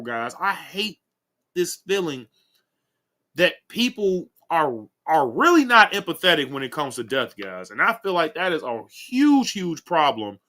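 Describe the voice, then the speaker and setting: A man hosts a casual commentary video, talking in a rambling way full of "um" and "guys." His voice sits a little high and swings widely, with a bright, forceful edge. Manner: rambling, keeps saying guys and um. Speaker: commentary channel host.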